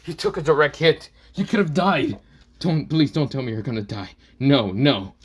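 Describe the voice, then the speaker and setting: A man's voice: mid-range voice, expressive, normal speed, a little mellow, husky. A man voicing a brash teenage boy fighter who swears and bursts out emotionally. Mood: anguished.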